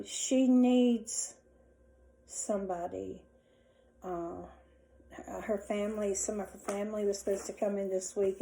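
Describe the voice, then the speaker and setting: A woman's voice: mid-range voice, warm tone, low-quality recording. A middle-aged woman, chatting casually to her viewers at home and rambling through a personal story. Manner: rambling, chatty, many restarts and asides. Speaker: vlogger. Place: indoors at home.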